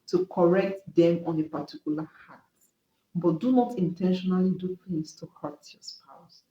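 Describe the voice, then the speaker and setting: Woman, mid pitch, earnest marriage-advice teacher, repeats key points, roomy dull recording. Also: warm tone. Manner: earnest, repetitive preaching cadence. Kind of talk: Christian relationship teaching.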